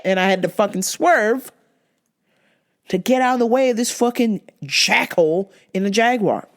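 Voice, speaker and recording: A young woman hosting a podcast, telling a story in a profane, animated rant. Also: mid-range voice, slow, long pauses. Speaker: podcast host. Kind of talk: casual storytelling monologue.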